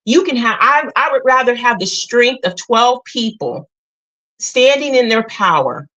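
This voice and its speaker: A middle-aged woman hosts a casual livestream and talks straight to her viewers. She sounds earnest and emotional, with a slightly high voice. The recording is dull and lo-fi. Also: lively intonation, unhurried, fairly bright tone. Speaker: livestream host.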